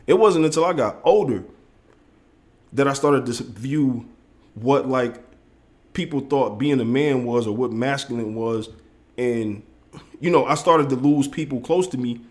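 A man's voice: mid-range voice, unhurried, pauses often. A man co-hosting a casual podcast, laid-back and slangy, swearing and acting out voices as he tells childhood stories. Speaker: podcast co-host. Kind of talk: casual conversation.

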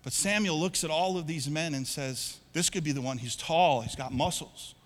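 A man preaching as a pastor, joking with the congregation and swinging between loud emphatic lines and hushed, whispered ones. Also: a little high, moderate pace, long reverb tail. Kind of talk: sermon. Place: church auditorium.

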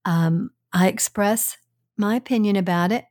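An older woman co-hosting a podcast with her son, speaking in a calm, measured, reassuring way in a casual chat. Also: medium pitch, dry recording, studio quality. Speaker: podcast co-host, the host's mother.

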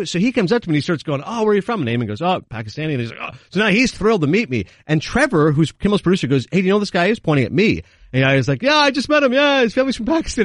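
A man chatting on a podcast, his voice rising and falling a lot as he races through a story. It sits fairly high for a man. The sound is close and dry. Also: dry recording. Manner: animated, quick anecdotes with acted quotes. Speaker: guest. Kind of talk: casual chat, storytelling.

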